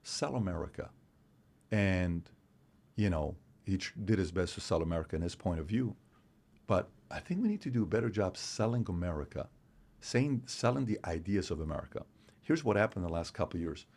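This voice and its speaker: A man from Iran, a podcast guest in casual conversation, talking in an animated, emphatic way. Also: sits low, brisk. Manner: animated, emphatic, acts out other people's voices.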